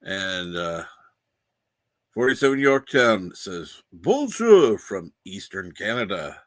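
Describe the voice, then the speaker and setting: Guy hosting a morning stream, reads chat, laughs a bunch, bright tone. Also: low voice, big pitch swings, slow, no echo. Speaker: livestream host. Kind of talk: casual livestream chat.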